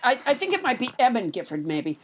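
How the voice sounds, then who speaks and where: A woman with a high, animated voice hosts a comedy podcast. She rambles, stumbles over restarts and giggles often. Her pitch jumps around as she riffs with her co-host. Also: quick pace. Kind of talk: comedic banter.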